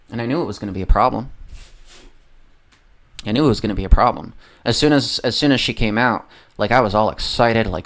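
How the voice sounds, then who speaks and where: Brisk and fairly bright in tone, this mid-range voice belongs to a livestreamer going off about politics. The talk is casual, loaded with profanity, and wanders so much the thread keeps slipping away.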